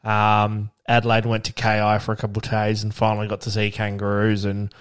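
A man's voice: lowish voice, monotone, a little fast, clear, resonant tone. An Australian man co-hosting a podcast over a video call, telling rambling anecdotes with plenty of swearing. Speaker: podcast co-host. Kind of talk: casual chat.

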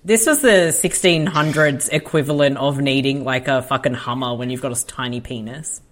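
A man's voice: mid-range voice, normal speed, slight background noise. A laid-back man co-hosting a casual movie-watching commentary, rambling and making crude jokes. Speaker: co-host.

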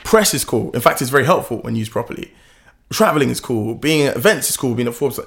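Young guy telling startup stories, animated, laughs a lot. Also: fast, gravelly. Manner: animated, laughs often, lively pitch swings. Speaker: founder, interview guest. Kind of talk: casual interview storytelling.

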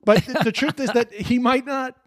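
A high-voiced man hosts a casual podcast, cursing freely as he rants and jokes. His voice sits dry and close, with no room around it. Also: normal speed, no room sound. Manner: heavy swearing, animated ranting. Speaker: podcast host. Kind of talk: casual chat.

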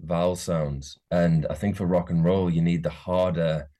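Low, mellow man with a soft Geordie accent. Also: steady tone, moderate pace. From Newcastle, England. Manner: rambling, many restarts and hedges. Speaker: musician guest. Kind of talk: casual interview chat.

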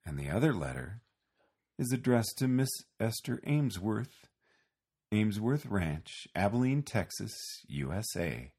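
A man reading a storybook aloud with expressive, animated narration. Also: lowish voice, measured pace, breathy edge.

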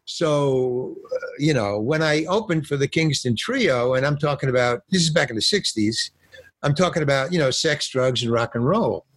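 A man's voice: mid-range voice, moderate pace, husky, no room sound. An older man, an actor and stand-up comedian, telling stories in a casual interview and acting out the voices in them. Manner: animated storyteller acting out voices. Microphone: phone or remote call.

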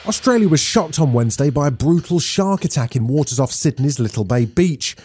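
A man hosting a daily news podcast, reading scripted stories in a brisk, clear newsreader delivery. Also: on the high side, animated, dark tone, soft background music.

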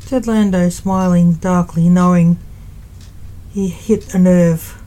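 A woman reading a fan fiction story aloud in a plain, unhurried storytelling manner. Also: lowish voice, steady tone, warm tone, poor audio. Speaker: story reader.

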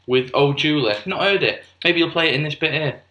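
A man's voice: on the high side, fairly quick, pushed and bright, echoey room, lo-fi sound. A British man co-hosting a podcast, chatting casually and joking. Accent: British English. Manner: jokey, bantering, breaks into put-on voices. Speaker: podcast co-host. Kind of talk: casual chat.

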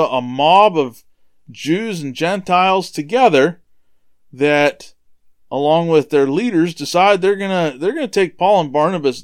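A man's voice: fairly high pitch, clean tone, no room sound, clean studio sound. A man hosting a podcast, casually retelling a Bible story and sometimes stumbling over names. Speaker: podcast host.

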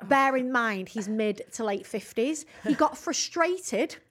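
A woman's voice: a little high, animated, slow, a bit bright. A woman co-hosting a podcast in casual chat, brash and laughing, swearing freely. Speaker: podcast co-host.

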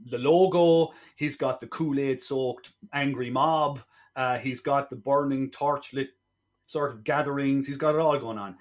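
A man of middle pitch talks through a film on a podcast he co-hosts. He rambles chattily through the plot in casual review chat.

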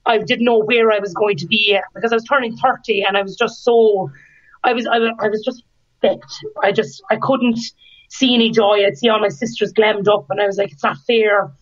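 A woman's voice: mid-range voice, normal speed. A woman in her thirties, a podcast guest, telling a candid personal story with frequent laughter and acted-out quotes. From Ireland. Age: 30s. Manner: lively, laughs often, acts out quoted lines. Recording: dull lo-fi sound.

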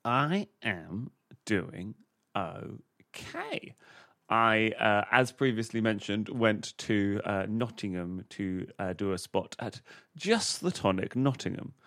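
A man's voice: lowish voice, expressive, slow, fairly bright tone, no room sound, clean studio sound. A man, co-host and comedian on a comedy game show podcast, telling a casual anecdote full of uhs. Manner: rambling storytelling with many uhs.

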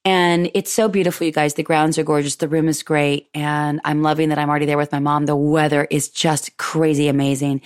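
A woman hosting a show, chatting warmly through a personal story, laughing often and acting out what people said. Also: low-pitched. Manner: effusive and chatty, laughs often, retells dialogue. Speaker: podcast host.

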